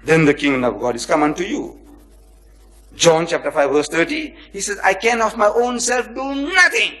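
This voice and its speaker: On a low-quality recording, a man with a somewhat high voice delivers a religious lecture, reading verses and explaining them. He is dramatic, poses rhetorical questions, and acts out quoted speech, swinging from loud emphasis to near-whispered asides.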